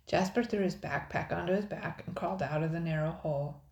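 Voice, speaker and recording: A woman narrating a children's adventure storybook in a steady, dramatic read-aloud. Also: low-pitched, a little fast. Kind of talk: storybook reading. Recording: roomy echo.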